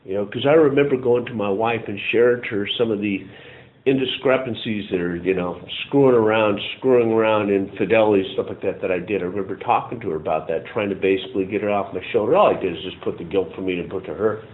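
A middle-aged man telling his recovery story in a rambling, halting way, full of restarts. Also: lowish voice. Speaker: recovery meeting speaker. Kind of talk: personal testimony. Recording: tinny phone-like audio.

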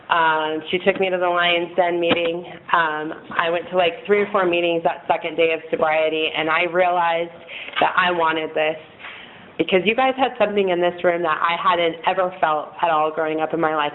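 A woman in her thirties giving a frank, rambling personal testimony to a group in a meeting room, often laughing at herself. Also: lowish voice. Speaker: speaker sharing at a recovery meeting. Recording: tinny phone-like recording, faint noise.

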